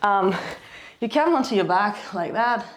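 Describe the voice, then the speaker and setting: A fitness instructor leads a home dumbbell workout in a mid-range, animated voice at a measured pace, counting reps aloud. She sounds a bit out of breath, chatty and self-deprecating, giving casual instruction over slight background noise.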